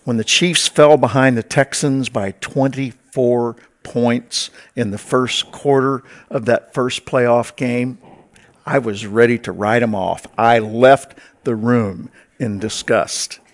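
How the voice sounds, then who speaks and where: A man's voice: mid-range voice, steady tone, takes it slowly. A man preaching a sermon as pastor to his congregation, in a conversational way with wry asides.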